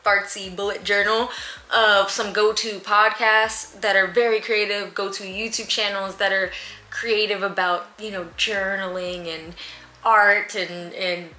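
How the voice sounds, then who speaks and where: In an echoey room at home with a fan going, a young woman answers her viewers' questions in a chatty, candid vlog full of slang and laughs. Her mid-range voice is bright and forceful, with flat delivery and a slightly slow pace.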